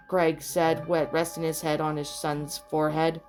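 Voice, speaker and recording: Woman, fan fiction reading, lowish voice, steady plain delivery, small slips, soft music underneath. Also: moderate pace, hardly any pauses. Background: soft background music.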